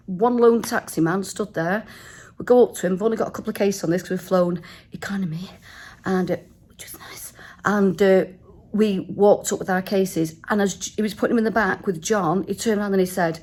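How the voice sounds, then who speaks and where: A woman's voice: medium pitch, brisk, darkish tone. A woman in her fifties, a travel vlogger, tipsy and telling stories animatedly in a hotel room, swearing freely. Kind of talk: casual storytelling vlog.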